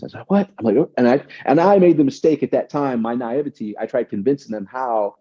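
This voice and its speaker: A man's voice: mid-range voice, fast, hardly any pauses, mellow, husky. A man telling stories as an interview guest, emphatic and repeating words as he talks. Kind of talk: conversational interview. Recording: dull lo-fi sound.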